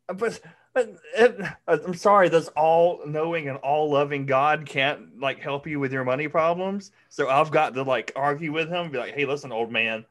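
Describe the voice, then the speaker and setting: A man's voice: fairly high pitch, normal speed, hardly any pauses. A man co-hosting a casual chat podcast, joking and laughing often with mocking asides.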